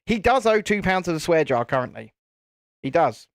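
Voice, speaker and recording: Man, live-stream host, chatty, laughs a lot, casual swearing, lively swooping voice, dry close sound. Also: on the high side, moderate pace, no echo. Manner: chatty, laughs often, mild swearing, restarts. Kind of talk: casual live-stream chat while building.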